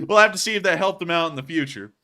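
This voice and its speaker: Bright, excitable male commentator. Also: high-pitched. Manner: joking, excitable, breaks into laughter. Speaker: host. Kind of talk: casual commentary on war footage.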